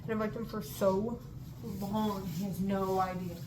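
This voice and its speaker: A woman's voice: mid-range voice, fairly even intonation, a little slow, background noise. A woman telling stories in a casual vlog, gushing and giggly, rambling from one thing to the next. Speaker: student and vlogger.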